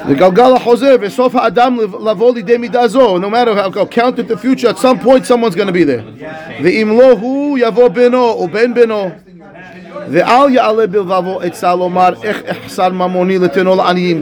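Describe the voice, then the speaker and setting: A man teaching a Torah class as a rabbi, animated, acting out dialogue and reading Hebrew texts. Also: high-pitched, a little fast.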